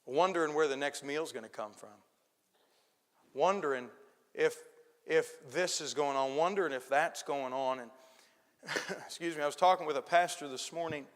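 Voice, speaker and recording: A male pastor preaching a sermon, telling stories and swinging from hushed asides to shouted points. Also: a little high, moderate pace, long pauses. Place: church sanctuary. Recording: long church hall reverb.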